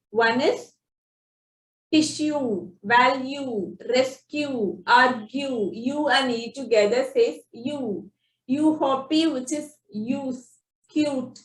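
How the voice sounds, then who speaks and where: A woman teaching phonics, explaining spelling rules slowly and sounding out example words one by one. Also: high voice. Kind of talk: slow instructional explanation. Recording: echoey room, distant from the mic.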